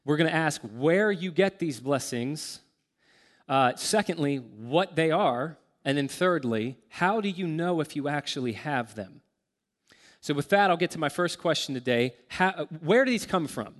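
A man preaching a sermon as pastor, earnest and emphatic, slowing to stress key words. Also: a little high, expressive, long reverb tail.

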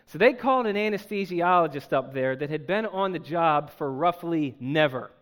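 Young pastor guy, kinda high voice, joking around while he tells a story in his sermon. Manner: humorous, self-deprecating, animated storytelling. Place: church service.

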